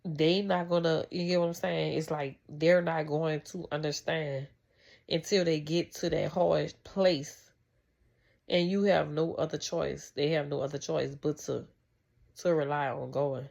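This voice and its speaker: A woman's voice: low-pitched, fairly even intonation, measured pace, gravelly, a little mellow, muffled recording. A woman vlogger talking casually about faith and family, rambling and heartfelt, with many restarts. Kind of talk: casual faith talk to camera.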